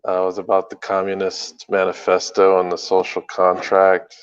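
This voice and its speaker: A man with a low, smooth voice talks loosely on a podcast, pausing with lots of ums and likes. The recording has a slightly muffled, lo-fi quality. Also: monotone. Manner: rambling, hesitant, many fillers. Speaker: podcast co-host. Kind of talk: casual chat.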